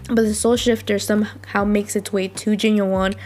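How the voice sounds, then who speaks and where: A woman's voice: mid-range voice, little pitch movement, normal speed, darkish tone, faint music behind. A woman, slightly under the weather, chatting casually in a rambling, self-deprecating way as she reviews a drama. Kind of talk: casual vlog recap.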